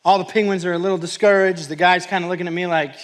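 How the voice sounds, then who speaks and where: A man with a fairly high voice leads a mental performance workshop. He tells a story with a lot of energy and puts on the voices of the people in it. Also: fast talker. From New Mexico, US. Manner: animated storytelling with quoted voices. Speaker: mental performance coach and pastor. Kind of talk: workshop talk. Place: church hall, live audience.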